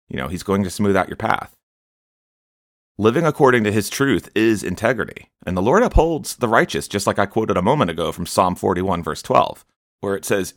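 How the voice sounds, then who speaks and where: Deep-voiced man preaching a sermon. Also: a bit bright, no echo, studio quality. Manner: conversational, frequent "you know" fillers.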